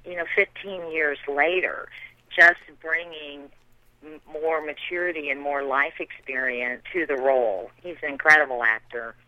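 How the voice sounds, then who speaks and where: A middle-aged woman from the American South, a theater director answering interview questions and warmly praising her colleagues. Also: sits low, dry recording. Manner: warm, enthusiastic praise of colleagues. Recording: tinny phone-line sound.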